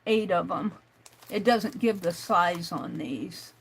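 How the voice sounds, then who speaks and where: A woman's voice: fairly low pitch, takes it slowly, vocal fry, husky, rough recording. A woman hosting a crafting livestream in casual chat, thinking aloud and reading out chat messages as she works.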